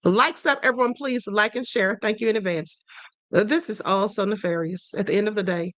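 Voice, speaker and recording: A woman's voice: medium pitch, brisk, a bit bright, no echo. A woman hosting a political commentary livestream, talking emphatically to her viewers in a string of rhetorical questions. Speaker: livestream host.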